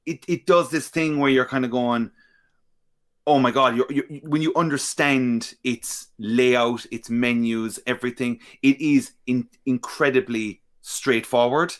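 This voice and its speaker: A man's voice: medium pitch, steady tone, measured pace, few pauses. A man co-hosting a gaming podcast, rambling enthusiastically and repeating words for emphasis. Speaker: podcast co-host. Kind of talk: casual chat.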